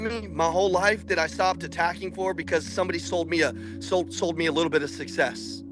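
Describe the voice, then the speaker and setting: A man coaching salespeople in an intense, preachy motivational speech that builds to shouting. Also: fairly high pitch, fairly even intonation, fairly quick, few pauses, over music.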